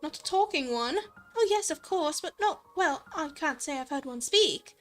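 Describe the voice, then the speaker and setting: A woman voicing a startled, flustered young girl in a game, with excited exclamations. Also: high-pitched, normal speed, faint music behind.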